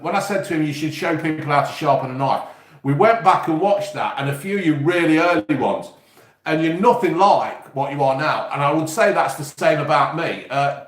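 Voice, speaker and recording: A man's voice: on the high side, echoey room. A man with an East Midlands English accent, rambling and swearing casually as he chats to viewers on his live stream. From England. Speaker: YouTube host.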